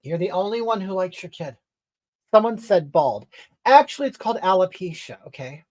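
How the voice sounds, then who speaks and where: A woman plays a comedy character: a brash, touchy middle-aged livestreamer who answers viewer comments in a sassy, rambling way, tacking on "okay?" and "honey." Her voice is fairly low and darkish, with lively intonation and a moderate pace.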